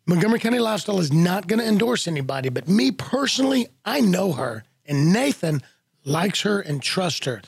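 A man hosting a community radio show, his voice set high and gravelly with some rasp in it. He talks to listeners in a folksy, joking way. The studio sound is dry, with faint music underneath. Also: very animated, fairly quick, dry recording. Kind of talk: casual radio talk. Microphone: studio microphone.

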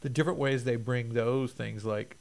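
Texas guy rambling on, lots of uh and you know, mid-pitched voice. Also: gravelly, darkish tone. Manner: rambling, halting, with many fillers and restarts. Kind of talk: casual chat.

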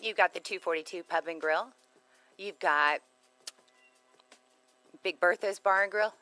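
A woman's voice: on the low side, unhurried, sharp tone. A woman co-hosting a radio show in casual banter, bubbly and jokey, laughing often.

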